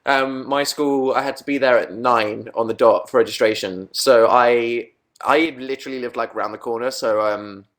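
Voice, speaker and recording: A man's voice: mid-range voice, fairly even intonation, normal speed, fairly bright tone. Young English man, webcam livestream host, self-mocking and rambling. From England. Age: young adult. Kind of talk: casual livestream chat.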